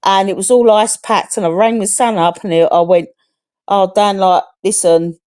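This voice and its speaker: Woman, middle-aged, from England, casual chat, frank, swears a lot, medium pitch. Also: steady tone, normal speed, darkish tone, clear, resonant tone. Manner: chatty, frank, swears freely. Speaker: live stream guest.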